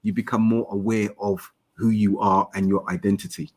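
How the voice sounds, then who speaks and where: A middle-aged man with a South London accent, hosting a podcast discussion in a measured, explanatory way. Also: lowish voice, little pitch movement, darkish tone. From South London, England. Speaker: podcast host.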